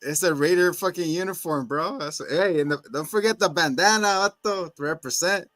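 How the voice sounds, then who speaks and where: A man's voice: on the high side, fairly quick, a bit bright, no echo, close to an everyday voice. A man doing a put-on Mexican-American accent as a swaggering gang member welcoming a new recruit, slangy and teasing.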